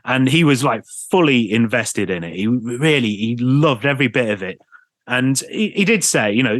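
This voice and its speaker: Man, radio presenter, animated storyteller, chuckles often, dry close mic. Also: medium pitch, moderate pace, no room sound. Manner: animated anecdotes, laughs often, mimics people. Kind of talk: storytelling interview chat.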